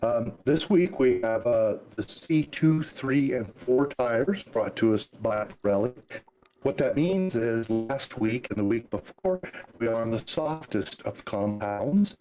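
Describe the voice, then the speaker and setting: An older American man co-commentating a race over voice chat, relaxed and hesitant with fillers. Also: medium pitch, a little slow, rough recording. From United States. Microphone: remote voice chat mic.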